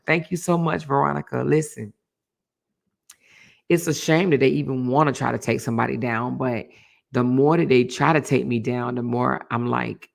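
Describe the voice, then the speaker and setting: A middle-aged woman hosting a casual livestream chat and reading viewer comments aloud, animated and chatty, repeating phrases for emphasis. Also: rumbling low, moderate pace, creaky. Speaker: host.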